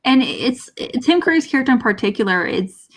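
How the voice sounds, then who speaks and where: A woman co-hosting a movie show in casual chat, hesitant and halting, often restarting her sentences as she searches for words. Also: high-pitched, lively intonation. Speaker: co-host of a movie discussion show.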